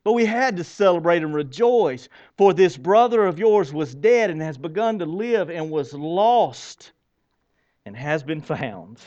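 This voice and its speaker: A high-voiced man preaching a sermon, lively and questioning, often repeating words as he builds a point. He reads scripture aloud with dramatic pauses. The recording sounds dull and lo-fi. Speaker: pastor.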